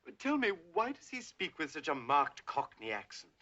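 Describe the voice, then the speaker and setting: A man's voice: fairly high pitch, wildly swooping pitch, moderate pace, pushed and bright, exaggerated voice. An actor playing a timid, fussy male assistant headmaster in a 1960 British film comedy, speaking in a deferential manner. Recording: dull old film soundtrack.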